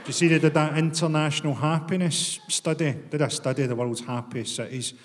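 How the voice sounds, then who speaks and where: A Scottish man with a Glaswegian accent performs stand-up in a deadpan, profane style, his voice sitting a touch high for a man. He breaks into mock outrage now and then. The sound rings with a long hall reverb over a clear bed of room noise. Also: brisk. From Scotland. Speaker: stand-up comedian. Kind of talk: stand-up comedy set. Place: comedy venue with audience laughter.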